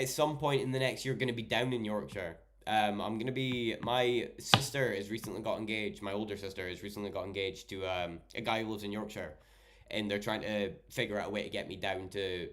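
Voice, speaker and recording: A young Scottish guy with a lowish, slightly bright voice livestreams while tipsy and tired. Reading chat in a casual stream, he rambles, jokes and swears heavily.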